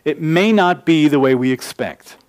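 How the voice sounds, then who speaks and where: Pastor, male, somewhat high voice, expository sermon, numbered points, restarts. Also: expressive, normal speed, darkish tone.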